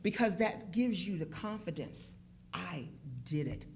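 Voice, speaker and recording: A Pittsburgh, Pennsylvania woman who draws blood for a living speaks unhurriedly, her voice on the low side with vocal fry, over slight background noise. As a guest in a laid-back group chat, she tells stories emphatically and acts out what people said.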